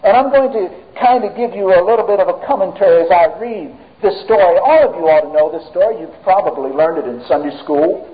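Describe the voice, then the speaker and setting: A man preaching a sermon emphatically, swinging between raised and hushed delivery. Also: sits high, brisk, few pauses. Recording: tinny phone-like audio.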